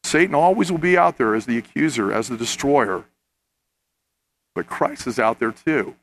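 A man's voice: mid-range voice, animated, moderate pace, a little hiss or hum. A man preaching a sermon, earnest and rising to impassioned emphasis as he addresses his listeners. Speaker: pastor.

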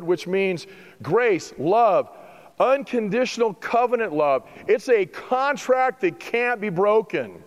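A middle-aged male pastor preaching a sermon, building to emphatic rhetorical questions and then easing into softer, reflective passages. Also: sits high, in a large hall, poor audio.

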